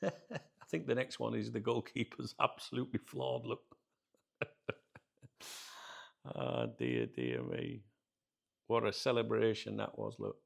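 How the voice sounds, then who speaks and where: A man with a British accent hosting his channel, telling a story casually to viewers, chatty and animated, laughing often. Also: on the low side, a little slow, creaky, pauses often, slightly rough. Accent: British English. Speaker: channel host.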